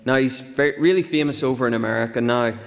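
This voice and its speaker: A man preaching in church, leading prayer in an earnest, steady way and chatting informally between songs. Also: medium pitch, fast. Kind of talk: leading prayer and a sermon introduction. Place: church sanctuary. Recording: long church reverb.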